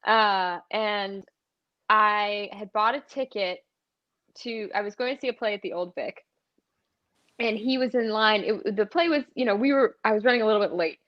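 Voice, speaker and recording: A woman with a mid-pitched voice tells stories on a video call in a chatty, self-mocking way. The audio is dull and lo-fi. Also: moderate pace. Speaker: touring musical theatre performer, guest. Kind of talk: casual chat.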